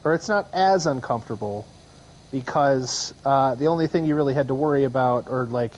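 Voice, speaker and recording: A man's voice: mid-range voice, brisk, a little mellow, highs cut off. Rambling man in his thirties. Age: 30s. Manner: rambling, lots of fillers and restarts. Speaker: podcast co-host. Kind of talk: casual chat.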